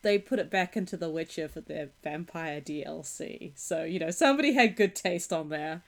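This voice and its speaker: A woman's voice: sits low, lively intonation, normal speed, creaky. A woman co-hosting a film podcast who chats casually and drops dry, wry asides. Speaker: podcast co-host.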